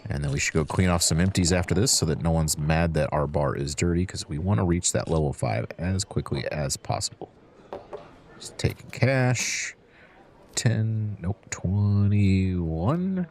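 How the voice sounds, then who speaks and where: A man's voice: low-pitched, very animated, moderate pace, creaky, darkish tone, a little hiss or hum. A man hosting a let's-play, chatting to in-game customers as he serves drinks and counts out change. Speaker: gaming channel host. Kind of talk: relaxed let's-play commentary.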